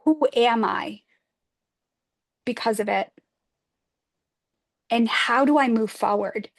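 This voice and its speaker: A woman spiritual advisor in a livestream talk, speaking gently and earnestly, often posing reflective questions to her listeners. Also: on the high side, takes it slowly, gravelly.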